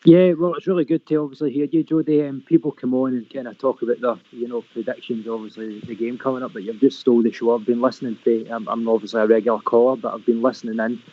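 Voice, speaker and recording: A regular caller, talking fast in a flat, level voice and gushing. The sound is dull and lo-fi. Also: male voice, medium pitch.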